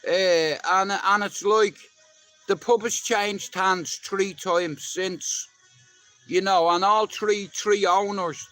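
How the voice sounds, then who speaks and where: A man's voice: sits high, a bit bright. A middle-aged Irish man chatting casually to live viewers, swearing freely as he rambles through stories. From Ireland. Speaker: livestream host.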